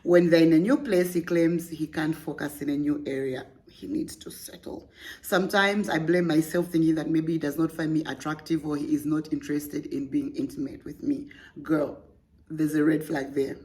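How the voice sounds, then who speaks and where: A woman's voice: low-pitched, fairly even intonation, normal speed, darkish tone. A young woman hosting a podcast, reading a listener's story aloud and breaking off with playful, laughing, teasing asides. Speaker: podcast host.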